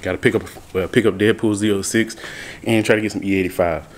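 A man's voice: fairly low pitch, fairly even intonation, quick pace. A man hosting a casual car vlog outdoors at a drag strip, with laid-back, slangy talk. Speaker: car vlogger host. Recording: loud outdoor and engine noise.

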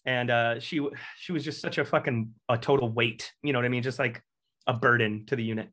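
A young man from Texas, a Marine veteran guest, telling a long anecdote in a casual, animated and profane way. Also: mid-range voice, a little fast. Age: young adult. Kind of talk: casual storytelling.

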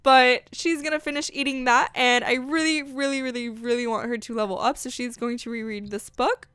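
Gushy chatty girl doing let's-play commentary, kinda high voice, dry close sound. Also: steady tone, a little fast, fairly bright tone, clean tone, no echo. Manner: bubbly, gushing, chatty with lots of "like" and "freaking". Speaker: gaming channel host.

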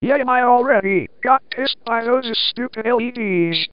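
A woman's voice: on the high side, normal speed, clean tone, no echo, lightly acted. A synthetic woman's voice playing a hot-tempered lamp fixture with broken grammar, in a dull lo-fi recording. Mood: annoyed. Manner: ungrammatical, hostile toward rivals.

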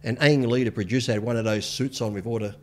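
A fast-talking man in his fifties spins casual stories as a podcast guest. He swears freely and acts out what others said, in an easygoing middle-pitched voice. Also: steady tone. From Australia. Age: 50s. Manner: rapid, laid-back, swears freely, acts out quotes. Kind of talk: casual storytelling interview.

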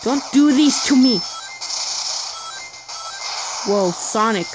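Slow-talking woman over game music. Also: fairly high pitch, animated, poor audio. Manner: chatty, exclaims at mistakes, makes playful sound effects. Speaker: let's play host. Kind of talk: casual gameplay commentary. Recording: game music playing behind.

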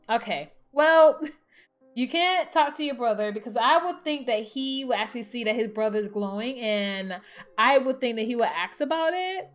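A woman giving casual let's-play commentary, chatty and excitable, talking to her game characters as she plays. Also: fairly high pitch. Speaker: gaming channel host.

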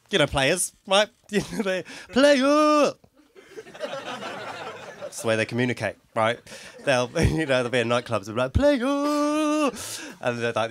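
A stand-up comedian with a medium-pitched, slightly bright voice works through a rambling routine before a small live audience. He keeps tagging lines with "right?" and tossing in laughing asides.

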